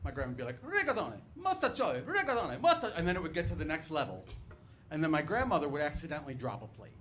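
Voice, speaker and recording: A middle-aged man doing a stand-up comedy set on a club stage, telling stories in a chatty, animated way full of "like" and "right". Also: on the high side, very fast. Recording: live club recording, background noise.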